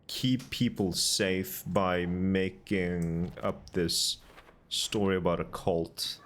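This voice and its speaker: A man streaming a video game, muttering and thinking out loud as he reads in-game notes aloud. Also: deep voice, steady tone, slow pace. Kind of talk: casual gameplay commentary.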